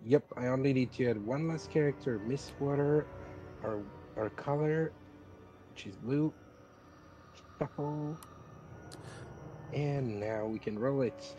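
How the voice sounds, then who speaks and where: A man co-playing a live game, calm and matter-of-fact as he sorts out the setup. His voice sits at a middling male pitch, with faint music in the background. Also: slow, long pauses, lo-fi sound. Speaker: co-player. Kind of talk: casual live gameplay chat.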